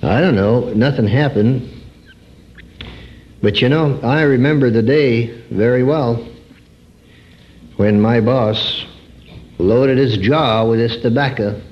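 A man giving an earnest personal testimony sermon, swinging between high emphatic phrases and low drawn-out words. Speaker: preacher. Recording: dull lo-fi recording.

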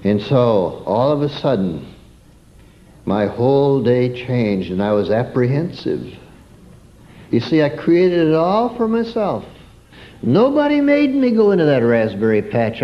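A man's voice: medium pitch, very animated, a little slow, lo-fi sound. A man preaching a sermon through a homespun childhood story, turning to ask his listeners questions.

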